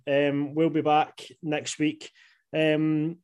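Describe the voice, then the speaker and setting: A man's voice: fairly high pitch, little pitch movement, extremely slow, darkish tone, clean tone. A young Scottish man co-hosting a casual podcast, laid-back and bantering, calling his co-host "mate". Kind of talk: casual chat. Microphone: podcast microphone.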